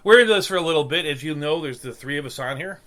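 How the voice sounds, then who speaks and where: A man in his thirties co-hosting a podcast in casual chat, rambling with halting restarts and deadpan jokes. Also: fairly high pitch. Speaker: podcast co-host.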